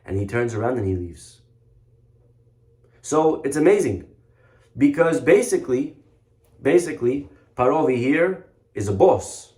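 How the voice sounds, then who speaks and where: A rabbi giving a lively sermon, telling a story with mocking humor and dramatic emphasis. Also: male voice, medium pitch, a little slow, pauses often. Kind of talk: animated sermon.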